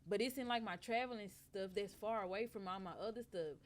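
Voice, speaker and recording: Woman, podcast guest, animated profane storyteller, medium pitch. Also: brisk, slight background noise. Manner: animated, profane, acts out quoted lines. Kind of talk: casual storytelling.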